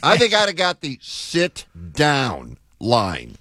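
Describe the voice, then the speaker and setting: A man's voice: a little high, huge pitch swings, slow, bright, forceful tone, dry recording, studio quality. A man hosting a sports radio show, prompting his co-host with eager questions. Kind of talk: radio banter. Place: radio studio. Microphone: studio microphone.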